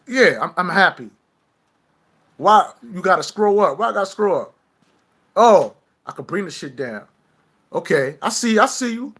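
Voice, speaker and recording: A male livestream host rants brashly at his viewers, swearing as he goes. His voice is a little high with a fairly bright tone.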